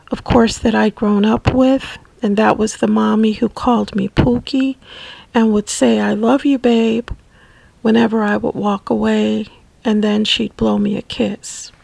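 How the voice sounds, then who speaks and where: A woman recounts her memories slowly and haltingly, often dropping to a near whisper. Her voice is gravelly and a little husky, and sits somewhat high. The recording is close and dry. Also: dry recording, poor audio. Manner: slow, halting, soft-spoken. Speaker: memoir narrator. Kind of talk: personal storytelling.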